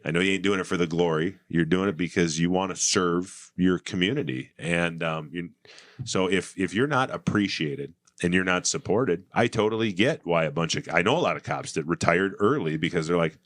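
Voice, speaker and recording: A man's voice: deep voice, moderate pace, a bit bright, dry recording. A man in his forties from Minnesota, a political candidate guest, talking casually in a folksy, storytelling way.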